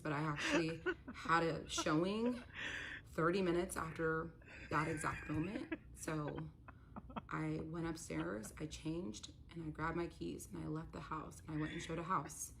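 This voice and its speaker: A woman's voice: low-pitched, gravelly, background noise. A woman telling a painful personal story in an earnest, confessional vlog, quoting others and getting emotional as it goes. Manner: emotional, voice rising when upset. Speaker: storyteller recounting a personal ordeal. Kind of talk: personal story vlog, played in a reaction stream.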